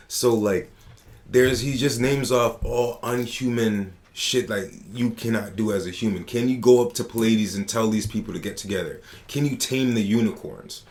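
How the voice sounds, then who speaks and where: A man hosting a casual podcast who tells stories in an animated, slangy way, with lots of profanity. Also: on the low side, normal speed. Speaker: podcast host.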